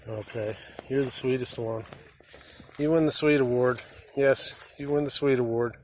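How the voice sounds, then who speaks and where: A man's voice: medium pitch, fairly even intonation, normal speed, fairly bright tone. A man chatting to cows in a pasture, coaxing and cooing at them in a playful way. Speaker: vlogger. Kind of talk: casual chat to farm animals. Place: outdoor farm pasture with cows. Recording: noisy outdoor farm sound.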